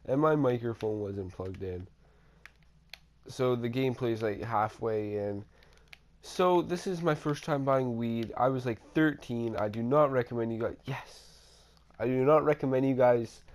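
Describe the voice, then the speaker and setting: A man talks into a home computer mic while gameplay runs, telling a story from his own life. He rambles, swears freely, and often restarts his sentences. His pitch is in the middle of the usual range for a man. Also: a little mellow. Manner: rambling, profane, with many restarts and fillers. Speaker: storytime vlogger. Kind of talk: casual storytelling over gameplay.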